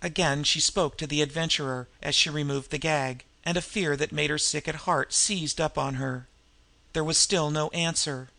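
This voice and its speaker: A male audiobook narrator reads in a measured, expressive way. His voice is bright and forward, sitting a little high. It suits scripted narration of a novel. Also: gravelly.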